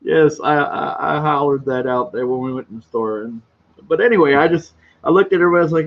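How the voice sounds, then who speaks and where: A man chatting on a livestream in a rambling, boisterous, self-mocking way, his voice pitched a little higher than most men's and a touch hoarse. The sound is dull and lo-fi. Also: fast. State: slightly hoarse throat. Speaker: livestream host reading chat. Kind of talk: casual livestream chat.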